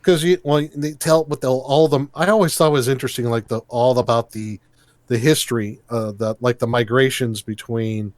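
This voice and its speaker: A man's voice: medium pitch, fairly even intonation, moderate pace, dry recording. A man co-hosting a podcast, chatting casually about a tabletop game setting, rambling with frequent restarts and easy laughs. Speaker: podcast co-host.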